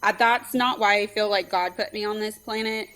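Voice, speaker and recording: A talkative woman from California speaks as a guest on an interview show. She runs on with heartfelt, earnest stories, her voice sitting at an ordinary middle pitch and full of fillers. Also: fairly even intonation, normal speed, a bit bright, clean tone, low-quality recording. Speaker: softball pitching coach, guest. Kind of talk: casual interview chat.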